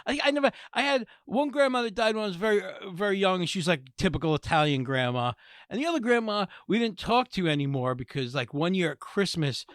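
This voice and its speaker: A man in his thirties, co-hosting a podcast, telling stories in a casual, joking way and breaking into loud impressions. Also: sits high, fairly quick, no echo, clean studio sound. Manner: animated storyteller, bursts into shouted impressions. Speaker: podcast co-host. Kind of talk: casual comedic chat.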